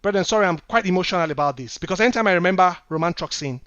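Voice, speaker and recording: A man preaching online to his brethren, moving between hushed remarks and indignant rebukes. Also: high voice, lively intonation, racing, a little hiss or hum. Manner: preachy, addresses listeners as brethren, swings from hushed to shouting. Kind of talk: impassioned religious commentary.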